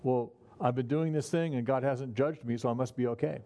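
A man's voice: medium pitch, brisk, dark tone. A man preaching a conversational sermon, folksy in manner and chuckling at his own remarks. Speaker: pastor.

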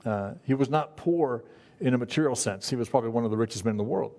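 A man giving a conversational sermon to his congregation. His delivery is folksy and halting, with frequent fillers, restarts and asides. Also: medium pitch, warm tone. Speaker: pastor. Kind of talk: conversational Bible-study sermon.

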